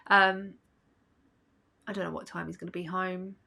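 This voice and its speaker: A woman's voice: lowish voice, little pitch movement, normal speed, gravelly, pushed and bright. A woman vlogging at home in a casual, rambling chat, sleepy and yawning. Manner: chatty, rambling, with fillers and small laughs.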